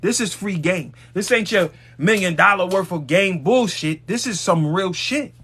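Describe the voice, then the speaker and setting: High bright preachy man on a live stream. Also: unhurried, breathy edge. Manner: emphatic, preachy, blunt with profanity; addresses viewers directly. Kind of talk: motivational live-stream talk.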